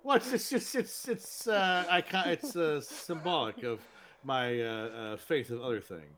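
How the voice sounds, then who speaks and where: A man's voice: on the high side, measured pace, a bit bright. A man co-hosting a casual podcast who jokes and swears freely. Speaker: podcast co-host. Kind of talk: casual chat.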